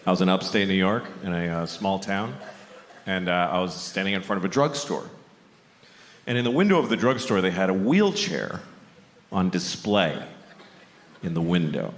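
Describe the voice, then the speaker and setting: A man's voice: sits low, lively intonation, moderate pace, long pauses. A man doing a stand-up comedy set on stage, talking bluntly and profanely in a loose, conversational way. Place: large theater stage. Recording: echoey hall, loud audience laughter.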